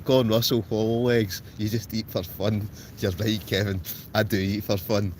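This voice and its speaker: A man's voice: fairly low pitch, flat delivery, moderate pace, darkish tone. Scottish man chatting over storm wind. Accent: Scottish, Ayrshire. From Scotland. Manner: chatty, answers viewers by name. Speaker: livestream host. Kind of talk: casual chat reading live comments. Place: tent outdoors in a storm at night.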